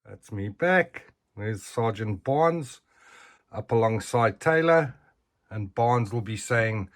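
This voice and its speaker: A man's voice: lowish voice, animated, slow pace. A middle-aged man, chatting casually as he reviews collectible figures and often ends sentences with "eh".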